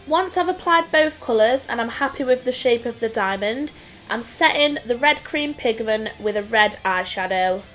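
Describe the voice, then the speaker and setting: A woman with a Nottingham accent explaining makeup steps in a clear, scripted tutorial voice-over. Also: fairly high pitch, expressive, normal speed, a bit bright. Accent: English Midlands (Nottingham). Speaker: makeup artist host. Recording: voice-over with faint music.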